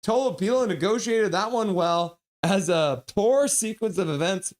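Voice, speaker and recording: Hockey streamer calling the play live, gets excited fast, mid-pitch voice. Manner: excitable, quick play calls with laughs. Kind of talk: live play-by-play commentary and chat reading.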